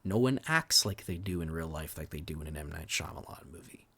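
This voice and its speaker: A very deep, husky, fairly bright male voice moves a little fast with lively intonation. As a co-host of a film podcast, he reviews movies candidly and profanely in relaxed conversation, restarting words and at times dropping to a near whisper.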